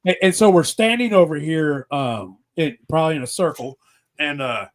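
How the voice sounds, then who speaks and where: Rowdy storytelling man, slightly high voice. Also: normal speed. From Pennsylvania, US. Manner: rowdy, profane storyteller acting out quotes. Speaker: podcast host. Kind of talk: casual chat, storytelling.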